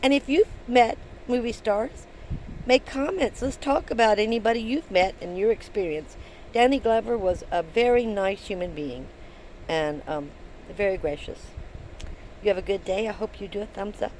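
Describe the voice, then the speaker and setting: An older woman tells a story to her camera, chatty and rambling, stopping for ums and restarts. Her voice sits in a middle pitch. A faint hiss runs behind her as she records inside a van. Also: moderate pace, a little mellow, low-quality recording. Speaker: vlogger.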